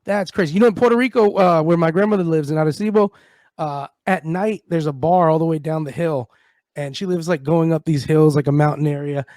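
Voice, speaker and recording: A man's voice: a little high, a little fast, dry recording, clean studio sound. A man co-hosting a radio comedy show, chatting casually and acting out stories with voices. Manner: animated storyteller, acts out voices. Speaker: radio co-host. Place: radio studio.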